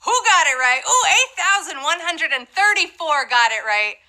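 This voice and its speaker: A woman's voice: extremely high pitch, big pitch swings, normal speed, pushed and bright, low-quality recording. A woman hosting a live trivia game show, chatty and playful, with asides to the players.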